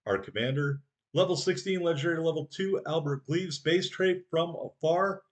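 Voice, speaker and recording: Male game commentator at home, excitable, mock-angry at teammates, joking. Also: on the high side, normal speed. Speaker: gameplay commentator. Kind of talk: game commentary over footage.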